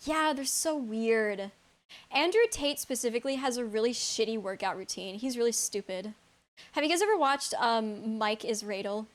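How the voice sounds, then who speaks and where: Chatting live with her stream audience, a young woman with a high, light voice answers chat in a casual, off-the-cuff way. She drifts from one thought to the next, unfiltered and blunt, swearing freely and laughing often.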